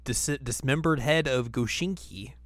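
A man's voice: mid-range voice, unhurried. Joking man hosting a podcast. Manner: joking, recaps animatedly. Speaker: podcast host. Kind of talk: casual chat.

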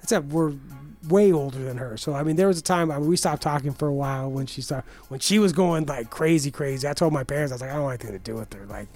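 A man's voice: on the high side, fast, darkish tone, soft background music. A young man telling rambling, profane stories in casual chat, full of restarts and fillers. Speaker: podcast guest telling stories.

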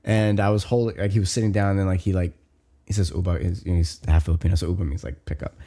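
A man in his thirties co-hosting a podcast tells a long story in casual chat, talking fast in a deep voice. He's animated, saying "like" a lot and swearing.

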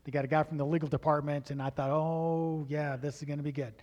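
A middle-aged man delivers a sermon in a noticeably high voice. He tells stories with lively energy and acts out the dialogue as he goes. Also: fast talker, muffled recording. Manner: animated storytelling, acts out dialogue. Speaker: preacher.

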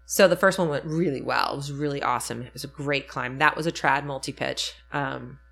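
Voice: medium pitch, a little fast, gravelly, a bit bright. A speaker in casual chat, telling a story reflectively with frequent ums and self-corrections.

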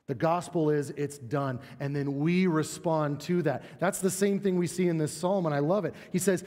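A male pastor preaching a sermon, animated and emphatic, often repeating words as he builds a point. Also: on the high side. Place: church sanctuary. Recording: long church reverb.

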